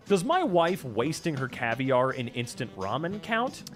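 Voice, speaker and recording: A man's voice: medium pitch, measured pace, hardly any pauses. A man hosting a casual reaction stream, ranting sarcastically with lots of profanity. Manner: animated, profane, sarcastic rants. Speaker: VTuber streamer reacting to posts.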